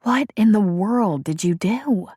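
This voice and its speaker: A woman reading the part of a woman newly in love in an audiobook, with soft, breathy, wondering delivery. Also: mid-range voice, expressive, slow pace, no room sound, clean studio sound, pitched above the performer's own voice, exaggerated voice. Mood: awed.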